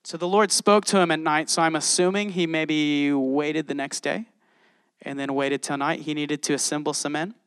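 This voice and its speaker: A man preaching a casual, animated sermon, reading scripture and exclaiming often to his listeners. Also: on the high side, moderate pace, clean tone, dry recording, studio quality.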